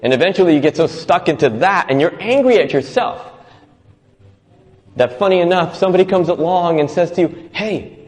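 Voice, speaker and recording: A man's voice: sits high, animated, a little fast, in a large hall. A man giving an inspirational talk, telling stories and acting out quoted voices with little laughs. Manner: reflective, storytelling, acts out quoted voices with laughs. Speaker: motivational speaker.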